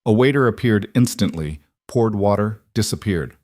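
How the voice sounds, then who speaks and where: A man reading a scripted dramatic story in a steady, even narrating manner. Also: lowish voice, moderate pace, no echo, clean studio sound.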